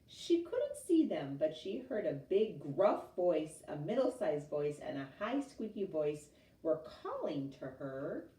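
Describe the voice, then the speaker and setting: Expressive woman reading a storybook aloud. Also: deep voice, measured pace. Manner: expressive, chatty asides to listeners. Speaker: teacher reading to a class. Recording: roomy, mic at a distance.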